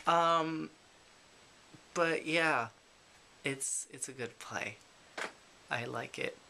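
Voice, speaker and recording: A man's voice: a little high, very slow, gravelly, bright, forceful tone. A man chatting casually to the camera in a daily vlog, rambling with lots of fillers and self-deprecating asides. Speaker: vlogger.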